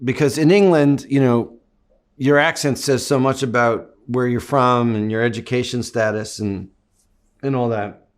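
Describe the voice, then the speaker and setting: A man's voice: medium pitch, fairly even intonation, a little slow. A middle-aged man from Canada, an actor giving long, reflective interview answers. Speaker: actor guest.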